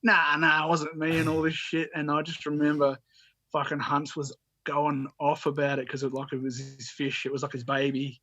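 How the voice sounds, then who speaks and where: A man telling a rambling anecdote as a guest, his voice a touch high. He restarts often and swears casually, heard on a dull, lo-fi, dry recording. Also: level tone, moderate pace, dry recording. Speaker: podcast guest, musician. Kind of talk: casual storytelling.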